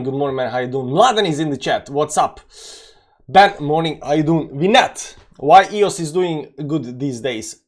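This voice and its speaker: A young man hosting a daily live-streamed market show, chatting casually, greeting viewers by name and filling pauses with "you know". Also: a little high. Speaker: crypto market show host.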